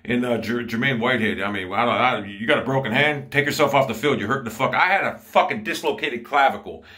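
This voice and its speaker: A man's voice: mid-range voice, bright, forceful tone. A man from Ohio ranting angrily and profanely about his football team. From Ohio, USA. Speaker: sports commentator. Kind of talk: angry fan rant.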